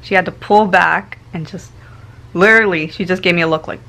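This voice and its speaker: A woman vlogger telling a personal story in a casual way, laughing often and swinging between loud and hushed tones. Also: on the low side, fairly quick, gravelly.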